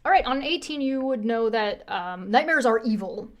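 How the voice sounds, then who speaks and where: A woman's voice: on the high side, animated, moderate pace, dull audio. A woman narrating a tabletop game as game master, loose and chatty with plenty of ums and laughs.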